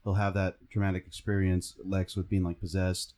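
A man's voice: deep voice, little pitch movement, moderate pace, a little mellow. A man in a casual chat, animatedly retelling scenes and jokes.

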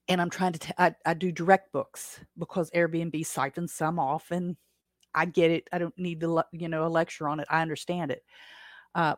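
A woman's voice: low-pitched, dry recording, studio quality. A woman hosting a casual livestream chat, rambling along with frequent self-corrections and small laughs. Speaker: podcast host.

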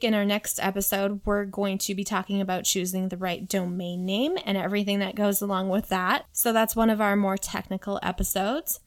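A woman in her thirties talks through a solo podcast episode into a desktop microphone. She is candid and self-deprecating, peppering her talk with "like" and "you know what". Her pitch sits in the middle of the usual range. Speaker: podcast host. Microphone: desktop USB mic.

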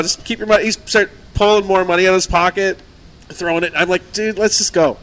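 A man's voice: high voice, fairly quick. A man telling a long story among friends in casual chat, acting out the quotes, laughing often and swearing freely.

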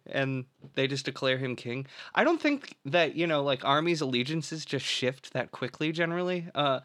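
A man's voice: medium pitch, expressive, normal speed, hardly any pauses, fairly bright tone, no room sound. A young man co-hosting a casual podcast, recapping a film plot in a rambling, filler-heavy way and swearing freely.

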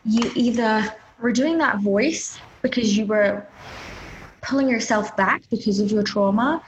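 A woman co-hosting a casual podcast, her voice sitting a little high and leaping up when she gets indignant. She talks loosely and animatedly, with a faint noise in the background. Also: unhurried, lo-fi sound. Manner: animated, rising pitch when worked up. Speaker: podcast co-host.

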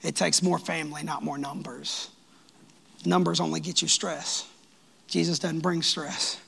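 A man preaching a sermon as pastor of his church, lively and joking with the congregation. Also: on the high side, normal speed, creaky, breathy edge. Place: church sanctuary.

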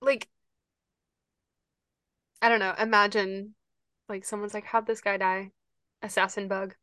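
A woman's voice: mid-range voice, level tone, unhurried, sharp tone, dry recording. Reactive giggly woman co-host. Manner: reactive, short interjections, giggly. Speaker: podcast co-host. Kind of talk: casual chat.

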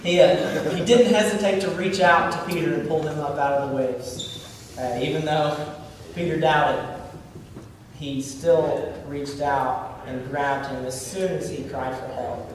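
The Bible study leader's voice sits a little high, with fairly even intonation and an unhurried delivery. He teaches informally and conversationally, often using fillers and restarting sentences, recorded from afar in an echoey hall with faint room noise.

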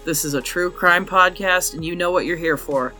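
A man narrates a true crime case for his podcast in a blunt, openly angry way, swearing freely. His voice sits a little high and sounds bright and forceful. Soft music plays underneath. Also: normal speed.

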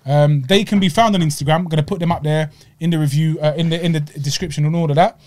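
A man's voice: fairly high pitch, fairly even intonation, fast talker, a little mellow. A man, originally from Egypt, hosting a podcast in chatty, slang-heavy casual talk. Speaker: podcast host. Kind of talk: casual chat, food review.

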